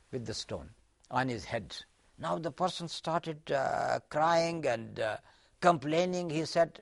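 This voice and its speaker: A man's voice: fairly high pitch, vocal fry, a bit bright. A man giving an Islamic lecture in an earnest, explaining way, telling a story with hesitant fillers and restarts.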